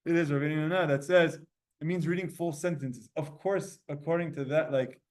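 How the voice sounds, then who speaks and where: A man teaching a Talmud class, explaining in quick bursts, quizzing his students and restarting his sentences often. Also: a little high, fairly even intonation, a little mellow.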